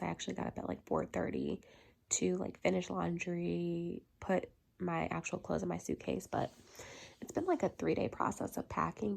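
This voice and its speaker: A young woman vlogs casually from her bedroom at home, her lowish voice creaky and a bit congested and nasal. She's chatty and leans heavily on fillers, sometimes dropping to a soft tone.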